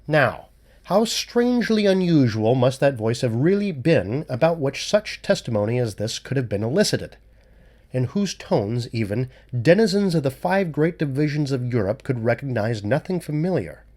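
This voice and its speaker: A man voicing a cool-headed male amateur detective who lays out his reasoning in a measured, lecturing way in an audiobook reading. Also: medium pitch, sing-song, darkish tone.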